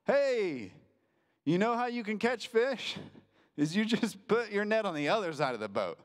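A male preacher voicing a brash man who shouts cocky advice from the shore, in a raised, higher voice. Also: very animated, moderate pace, in a large hall.

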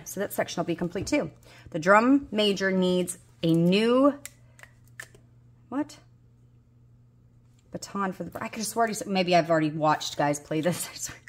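A woman in her forties with a Southern US accent, chatting casually to herself as she plays a budgeting game and hunts for pieces, mildly exasperated. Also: medium pitch. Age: 40s. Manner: talks to herself while searching, mildly exasperated. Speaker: budgeting vlogger. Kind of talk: casual solo chat.

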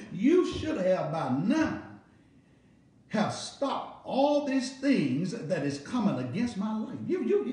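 Southern pastor man preaching, high voice, sounds far off in a big echoey room. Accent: Southern American. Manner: animated, call-and-response preaching with repeated phrases. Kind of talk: preaching a Bible study. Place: church sanctuary. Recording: echoey room, mic at a distance.

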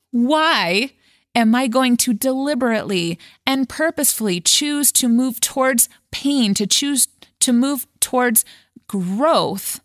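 A woman's voice: no echo, clean studio sound. A woman hosting a motivational podcast as a life coach, talking in a casual, frank way and acting out worried thoughts with big swings in voice. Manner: lively and dramatic, acting out worried thoughts with swings in pitch and pace; casual and frank, with a chuckle now and then.

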